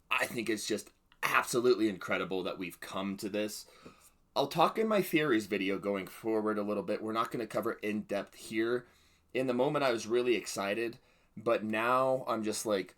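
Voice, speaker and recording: A man reviewing a show for his reaction channel, speaking in a lowish, forceful voice. He is excitable and keeps bursting into loud exclamations. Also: normal speed.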